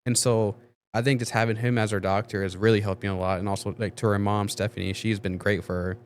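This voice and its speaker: A man's voice: lowish voice, flat delivery, fast. A man talking as a guest on a podcast, rambling casually with lots of fillers and frequent swearing. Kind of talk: casual conversation.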